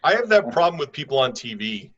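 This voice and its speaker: Low-key man, dull lo-fi sound. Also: sing-song, fast, a bit bright. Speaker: improv comedy cast member. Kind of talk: casual group chat.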